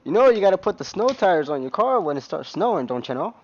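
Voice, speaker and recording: A man's voice: sits high, big pitch swings, fast talker, lo-fi sound, voice pushed up, full character voice. A man jokingly mimicking a folksy Minnesota accent on a racing game live stream. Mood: folksy mocking. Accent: mock Minnesota. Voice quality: chatty, rambling, laughs often.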